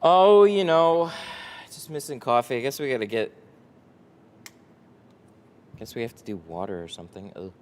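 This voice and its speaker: A man's voice: lowish voice, expressive, moderate pace, pauses often. A man running a casual live stream from his tint shop, reading chat aloud, tired and rambling with casual swearing. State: tired, no coffee.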